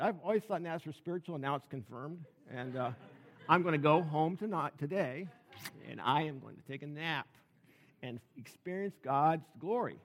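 A man's voice: a little high, animated, normal speed, fairly bright tone. Man preaching in a reverberant hall. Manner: conversational, jokey preaching with restarts. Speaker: pastor. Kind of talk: sermon.

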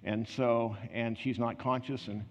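A man preaching a conversational sermon, telling personal stories in an earnest way with quick asides and restarts. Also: mid-range voice, fairly even intonation. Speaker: pastor. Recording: reverberant hall, slightly muffled.

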